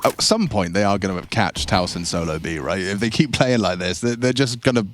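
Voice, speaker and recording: A man doing esports play-by-play with a slightly worn voice, joking around and jumping up in pitch on big plays. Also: brisk, no room sound. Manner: jokey, voice climbs high in exciting plays. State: voice worn from weeks of casting. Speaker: esports caster. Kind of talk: play-by-play commentary. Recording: clear background noise.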